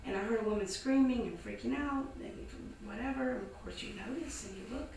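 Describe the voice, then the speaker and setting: A woman's voice: a little high, fairly quick, creaky. A woman from the American South telling a story casually to a live audience, acting out the voices of the people in it. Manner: animated, acts out voices in her story. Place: indoor event space. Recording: echoey room, distant mic, some noise.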